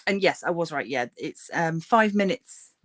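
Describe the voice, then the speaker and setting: Chatty woman with a lowish voice. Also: animated, normal speed, dry recording. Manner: chatty, many fillers, murmurs to herself while working. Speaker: craft livestream host. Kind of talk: casual chat while silk painting.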